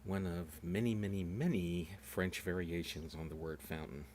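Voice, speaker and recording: A man with a very low voice chats casually on a live stream. He is wry and relaxed and leads an online game tour, with a faint hiss of noise behind him. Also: normal speed. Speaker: tour guide.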